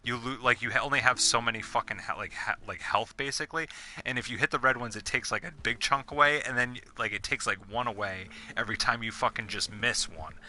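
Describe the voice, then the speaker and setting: A man's voice: medium pitch, brisk, sharp tone, a little hiss or hum. A young man chatting casually while gaming, rambling with lots of fillers and swearing. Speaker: gamer.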